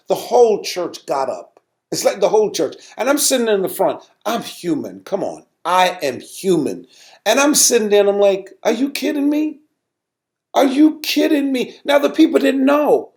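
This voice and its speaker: A middle-aged male pastor from the United States tells a personal story in a lively, animated podcast talk. His voice sits a little high for a man, and he repeats words and climbs sharply in pitch when he recalls his anger.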